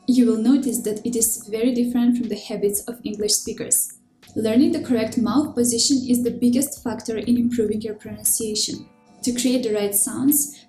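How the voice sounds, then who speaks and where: A woman delivers a scripted pronunciation lesson in a clear, measured way. Her voice sits fairly high but sounds mellow. The room is echoey, with soft music underneath. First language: Russian. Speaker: language teacher. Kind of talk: scripted instructional narration. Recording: roomy echo with faint background music.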